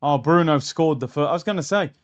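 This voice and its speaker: A young man hosting a live football watchalong, reacting bluntly and excitedly to the match. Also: on the high side, fast.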